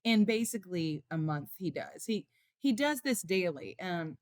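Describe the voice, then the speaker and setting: A middle-aged woman, a mother and author, telling heartfelt stories in an interview with animated feeling. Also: on the low side, unhurried, no room sound, clean studio sound. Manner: emotional, animated storytelling. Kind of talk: conversational interview storytelling.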